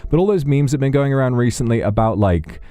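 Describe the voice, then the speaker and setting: A man's voice: medium pitch, expressive, fast talker, mellow. A man chatting casually on a livestream, rambling and wry, often breaking off mid-sentence. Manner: rambling, self-interrupting, wry. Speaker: streamer.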